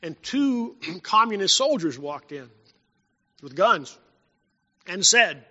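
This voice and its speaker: High, bright-voiced preacher in a hall. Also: male voice, big pitch swings, slow, pauses often. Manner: storytelling preacher, rising and dropping in volume. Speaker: pastor. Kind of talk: sermon. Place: church sanctuary. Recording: dull sound in a long-reverb hall.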